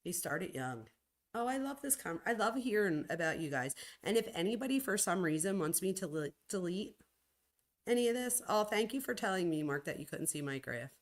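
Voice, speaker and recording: A woman in her forties hosting a casual livestream, reading out viewer comments in a chatty, gushing way, with sudden excited jumps in pitch. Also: brisk. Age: 40s. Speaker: livestream host and college professor.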